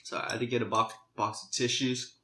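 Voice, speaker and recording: A man casually chatting while eating spicy noodles, clearing his throat and sniffling, then recapping an anime in a loose, rambling way. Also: medium pitch, little pitch movement, brisk, roomy sound, heavy background noise. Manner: chatty, loose, with frequent restarts and "you know". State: runny nose from spicy food, clearing throat. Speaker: mukbang vlogger.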